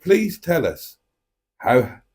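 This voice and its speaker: A man's voice: a little high, huge pitch swings, extremely slow, a little mellow. A man hosting a live stream, chatting casually and reading out viewer comments in a playful, cheeky, theatrical way.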